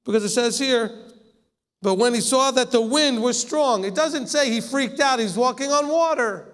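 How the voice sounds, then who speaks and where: A man's voice: very high voice, normal speed, a bit bright. A man teaching scripture in a conversational way, acting out the quoted lines and often laughing. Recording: long hall reverb.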